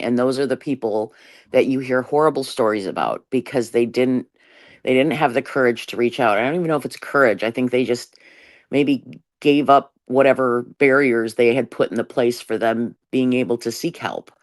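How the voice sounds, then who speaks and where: A woman guest in a casual chat, talking in an emphatic, expressive way. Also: very deep voice, normal speed, dry recording, studio quality.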